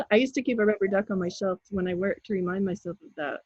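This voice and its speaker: A woman guest on an interview show, telling a story in a casual, animated way and acting out her own pleas and the words of others. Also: medium pitch, fast talker, breathy edge, no echo, dull audio. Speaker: guest, intuitive healer.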